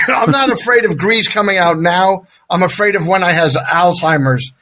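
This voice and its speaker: Jokey man, high bright voice. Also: normal speed, a little hiss or hum. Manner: animated, jokey, self-mocking. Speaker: guest voice actor. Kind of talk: casual podcast chat.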